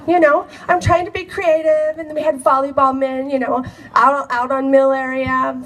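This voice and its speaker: A woman telling a personal story to an audience in an animated, expressive way. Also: sits high, distant mic, rough recording. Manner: animated, expressive, acts out quoted dialogue with laughs. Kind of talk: personal anecdote told to a live audience.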